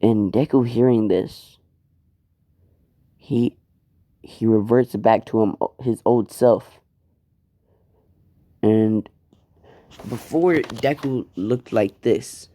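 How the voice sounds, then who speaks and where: A man telling a fan story in a laid-back, rambling way, swearing now and then. His voice is dark and mellow, and he speaks unhurriedly. The sound is close and dry. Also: on the low side, very slow, pauses often, no echo. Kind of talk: casual fan-fiction storytelling.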